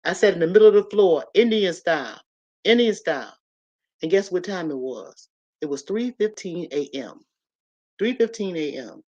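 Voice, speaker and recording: A woman vlogger recounts a personal story in a casual, animated way, talking right to her viewers and repeating phrases for emphasis. Her voice is on the low side at a normal speed, and the audio sounds dull.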